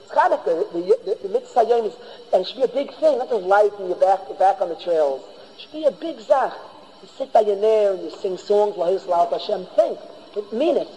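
High-voiced rabbi in an echoing hall. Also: male voice, expressive, a little fast, dark tone. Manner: emphatic, repeats and restarts phrases. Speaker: rabbi teaching a class. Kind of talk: Torah lecture. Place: yeshiva hall. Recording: long reverb of a large hall.

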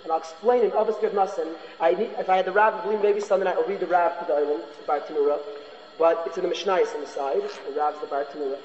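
A man's voice: sits high, fairly even intonation, fast talker, a little mellow, a little hiss or hum. A man giving an informal Torah lecture. He is earnest and often repeats his phrases for emphasis. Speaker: Torah class teacher. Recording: echoey hall, dull lo-fi sound.

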